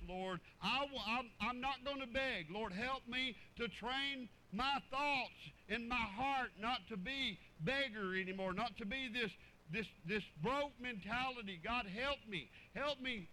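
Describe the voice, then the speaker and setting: A man's voice: very high voice, pushed and bright, slight background noise, poor audio. A man preaching a sermon in a folksy, joking, fervent way.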